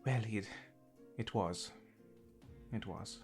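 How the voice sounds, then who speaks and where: A man's voice: lowish voice, slow, a little mellow, soft background music. A man playing in a tabletop game, describing his character's actions in a rambling way, saying "like" constantly. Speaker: player. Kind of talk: casual tabletop game play.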